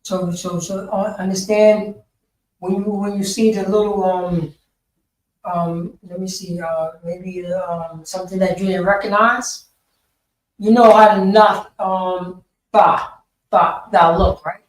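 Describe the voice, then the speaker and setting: A man's voice: high voice, little pitch movement, takes it slowly. A man explaining Hebrew words in a loose, repetitive, slangy way during a Sabbath class. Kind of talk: casual Bible class explanation. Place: meeting hall. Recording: roomy echo, speaker far from mic.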